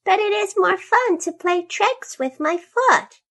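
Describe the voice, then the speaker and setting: A woman voicing a frisky, mischievous baby girl elephant in a storybook reading, with a high and playful manner. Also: expressive, takes it slowly, creaky, a bit bright, heavily acted.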